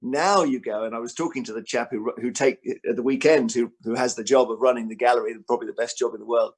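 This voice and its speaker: A man talking as an author at a book festival interview, an animated storyteller who acts out quotes, with frequent restarts. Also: medium pitch, fast, slightly rough.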